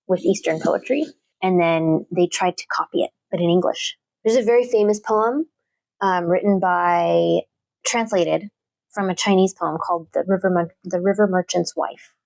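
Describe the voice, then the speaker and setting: Woman, poetry teacher, low-ish creaky voice, dry close sound, hesitant and thoughtful. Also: fairly even intonation, moderate pace, a little mellow, no echo. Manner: thoughtful, with frequent fillers and restarts. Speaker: literature teacher. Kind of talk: casual interview talk.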